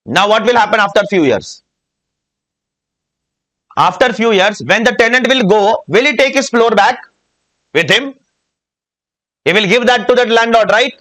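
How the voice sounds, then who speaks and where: A man's voice: sits high, normal speed, long pauses, bright, forceful tone. A man with an Indian English accent giving a classroom tax lecture, often quizzing the class and repeating key points. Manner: asks the class frequent check questions.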